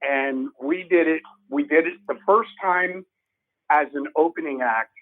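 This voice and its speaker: A man in his sixties, a guest musician, spins casual, animated anecdotes and acts out everyone's lines. His voice sits a little high. It arrives dry and tinny, like over a phone line. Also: unhurried, no room sound. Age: 60s. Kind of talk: animated storytelling. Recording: narrow phone-like remote line.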